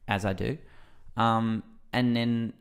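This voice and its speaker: A man's voice: medium pitch, slow pace. A man guesting on a podcast, telling stories in a loose, rambling way with lots of fillers, and acting out his own reactions. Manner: lively storyteller who acts out his own reactions. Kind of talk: casual conversational storytelling.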